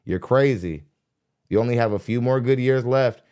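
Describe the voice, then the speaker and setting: A young adult man hosts a podcast on a studio mic, bluntly and mockingly ranting about a dating show and laughing between jabs. His voice is a little mellow at a moderate pace, and he mimics others in high, squeaky voices as part of his reaction commentary.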